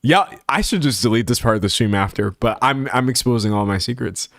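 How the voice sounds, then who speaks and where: A young man streaming, chatting casually and reading out chat, often laughing and slipping into high voices. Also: brisk, creaky, no room sound, studio quality. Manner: animated, laughing, slangy, jumps into high voices.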